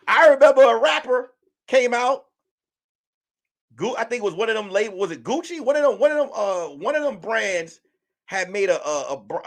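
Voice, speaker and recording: Animated high-voiced man riffing on stream. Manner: animated, joking, acts out quotes in mock voices. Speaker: livestream host. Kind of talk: casual commentary monologue.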